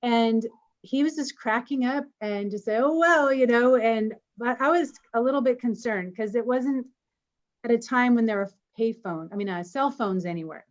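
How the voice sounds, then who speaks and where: A woman with a fairly high voice tells a personal story to an online group. She is animated and laughs along the way. Her voice comes through slightly muffled video call audio. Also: normal speed. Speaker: co-host of an online community meeting.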